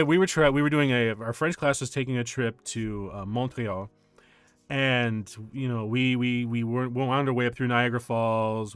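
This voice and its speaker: A man's voice: medium pitch, fairly bright tone, no echo. A man in his forties chatting casually on stream, rambling through a story and cutting himself off often. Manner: rambling, self-interrupting storyteller. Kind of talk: casual chat.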